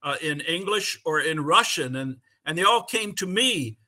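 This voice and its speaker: Bright, halting man on a call. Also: fairly high pitch, expressive. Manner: halting, many fillers, enthusiastic. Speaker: conference panelist and English teacher. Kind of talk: conversational answer on a video call. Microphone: video call.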